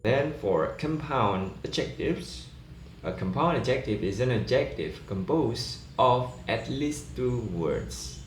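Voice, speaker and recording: A man explaining an English pronunciation lesson in a slow, measured way, pausing on fillers as he goes. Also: mid-range voice, animated. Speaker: lecturer. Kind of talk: recorded lesson explaining rules. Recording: echoey room, faint background noise.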